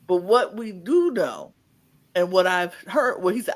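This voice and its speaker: Man, podcast co-host, casual wrestling recap, unhurried, swooping lively pitch, sarcastic. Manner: rambling recap with playful sarcasm, acting out quotes.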